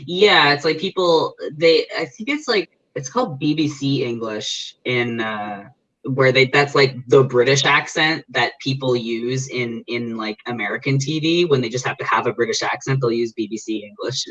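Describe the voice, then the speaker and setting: Bright-voiced guest explaining language, lo-fi. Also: medium pitch, moderate pace. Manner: thoughtful, explains at length with restarts. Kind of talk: casual interview chat.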